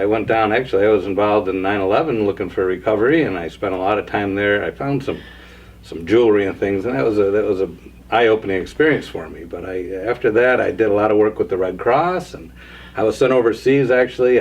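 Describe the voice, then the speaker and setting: A man's voice: fairly low pitch, brisk, highs cut off. A man telling a joke as a bragging talking dog. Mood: boastful. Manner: rambling, self-important tall tale. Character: boastful talking male dog, fibbing storyteller. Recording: distant mic, faint room noise.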